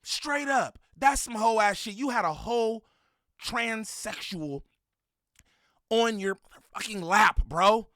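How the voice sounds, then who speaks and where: A man giving a loud, profane reaction commentary, mocking and heckling as he talks. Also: high-pitched, slow, no echo.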